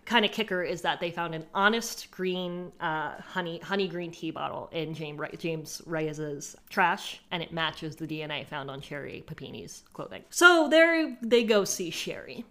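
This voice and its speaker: A woman with a somewhat low voice co-hosts a casual true-crime podcast. She tells the story with gusto. She slips into the voices of the people in the case, and she swears freely. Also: moderate pace, few pauses. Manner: animated storytelling, acting out quotes, profane. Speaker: podcast co-host.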